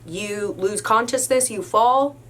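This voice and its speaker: A young adult woman telling a story about her job in a casual, animated way, with lots of "like"s. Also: medium pitch, takes it slowly. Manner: animated, emphatic retelling with many "like"s. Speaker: storyteller recounting a work incident.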